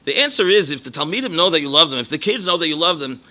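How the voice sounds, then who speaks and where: A man's voice: on the high side, sing-song, fast talker, pushed and bright. A man, a rabbi and educator, giving a talk full of anecdotes and sprinkled with Yiddish and Hebrew words. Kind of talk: lecture with anecdotes.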